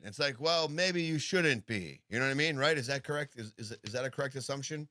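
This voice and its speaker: A man's voice: mid-range voice, brisk, hardly any pauses, bright, forceful tone, no echo, studio quality. A man co-hosting a livestream, reacting in casual chat that rambles, swears and mimics names. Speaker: livestream co-host.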